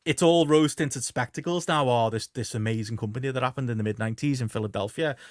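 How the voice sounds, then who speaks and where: A man's voice: medium pitch, quick pace, no echo, clean studio sound. A man co-hosting a casual wrestling podcast, rambling through the news with lots of fillers and restarts. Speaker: podcast co-host.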